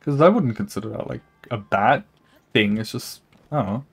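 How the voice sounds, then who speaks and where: Young guy on a game stream, rambly and chatty, voice jumps up high when he reacts, laughs a lot. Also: normal speed, gravelly, breathy edge. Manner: animated pitch jumps, laughs often. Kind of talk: casual live-stream chat while gaming.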